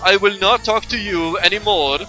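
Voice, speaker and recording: A man's voice: high-pitched, normal speed, pushed and bright, pitched above the performer's own voice. A man voicing an irritable, pompous male airline passenger in a put-on North European accent, reading game dialogue over game music. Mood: indignant. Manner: stiff, haughty, clipped declarations. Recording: game music playing underneath.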